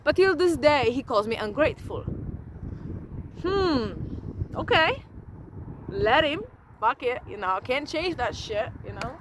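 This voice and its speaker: A woman, vlogging in a casual, profane, animated monologue to camera. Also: sits high, measured pace, long pauses, background noise.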